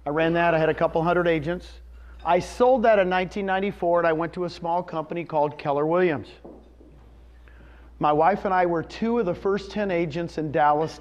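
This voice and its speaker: A man in his fifties giving a presentation to a live audience, telling a personal story and asking the room questions. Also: high voice. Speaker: real estate presenter. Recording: dull lo-fi recording.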